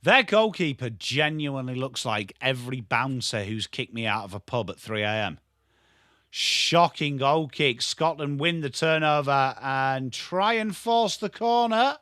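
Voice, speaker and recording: Bright-voiced English man calling football live. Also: medium pitch, expressive, unhurried, no room sound, studio quality. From England. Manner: chatty and jokey, greets viewers by name. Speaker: watchalong streamer. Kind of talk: live football watchalong commentary.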